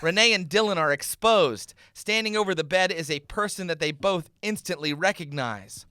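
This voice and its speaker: A man hosting a comedy podcast, reading his own screenplay's stage directions in a deadpan way. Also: high-pitched, moderate pace, a little hiss or hum.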